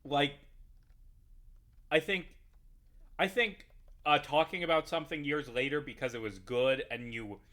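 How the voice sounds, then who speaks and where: A man's voice: on the high side, measured pace, long pauses, a bit bright. A man giving a heated, profane, rambling rant over his gameplay. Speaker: YouTuber playing a game. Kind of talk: ranting gameplay commentary.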